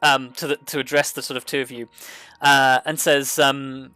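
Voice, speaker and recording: A man narrating as game master of a tabletop game, halting and full of fillers. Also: mid-range voice, little pitch movement, pushed and bright, clean tone, dry recording, faint music behind.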